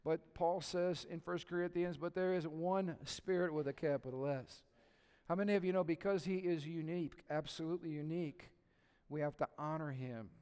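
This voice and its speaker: A middle-aged male pastor delivers a conversational sermon in a slightly high voice, asking the congregation questions and mixing in humor. He moves between hushed, intimate stretches and loud, emphatic peaks. His voice carries a long reverb from a church sanctuary. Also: fairly even intonation, normal speed, smooth.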